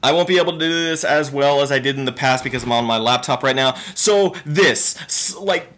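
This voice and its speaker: A man hosting a video game reaction channel, talking excitedly and rambling through reactions and gameplay analysis at home on a built-in laptop mic. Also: mid-range voice, a little fast, few pauses. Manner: excitable, exclamatory, rambling with fillers.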